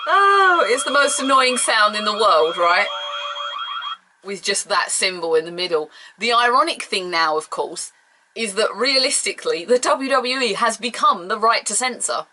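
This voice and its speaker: Bright-voiced gushing woman reviewer. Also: medium pitch, animated, normal speed, slight background noise. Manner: gushing, rambling, self-apologetic fan. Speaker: wrestling show reviewer. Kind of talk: casual spoken review.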